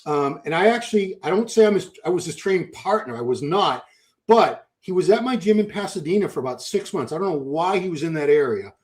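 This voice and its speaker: Podcast host guy, kinda high voice, telling old gym stories. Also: fairly quick. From Boston. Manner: storytelling, animated. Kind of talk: casual chat.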